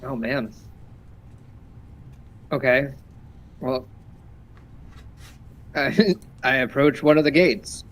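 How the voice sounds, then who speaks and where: A man's voice: medium pitch, extremely slow, pauses often, poor audio. A man casually playing a tabletop role-playing game, speaking with some hesitation. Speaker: player.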